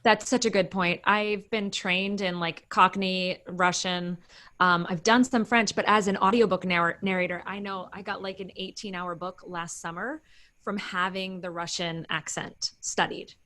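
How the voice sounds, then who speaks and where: A woman's voice: on the low side, steady tone, measured pace, sharp tone. A woman hosting an interview, reading out listener questions and giving short, encouraging replies; she works as an audiobook narrator.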